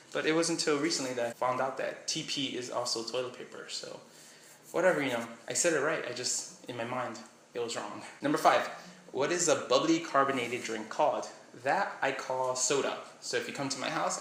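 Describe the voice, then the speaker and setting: A man's voice: mid-range voice, fairly bright tone. A young man from Miami, Florida, chatting casually in a vlog, rambling and doubting himself as he reads a list aloud. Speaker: vlogger. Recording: echoey room with faint hum.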